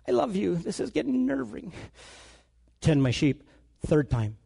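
A male preacher with a gravelly, husky voice tells a story from the pulpit. His pitch leaps up and drops low as he acts out each part, and his voice sits a little high for a man. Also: normal speed. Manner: animated storytelling, acting out dialogue. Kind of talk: sermon.

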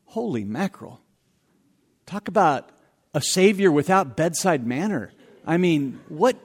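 A man preaching a sermon as pastor, conversational and animated, with self-deprecating asides. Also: on the high side, measured pace, breathy edge, big-room sound.

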